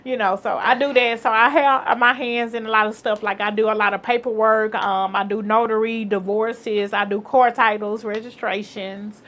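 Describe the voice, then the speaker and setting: Woman, from Houston, interview guest, animated storyteller, laughs a lot, somewhat high pitch. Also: moderate pace, hardly any pauses. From Houston, Texas. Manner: animated storyteller, acts out quotes, laughs often. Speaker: guest, entrepreneur. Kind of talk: casual interview chat.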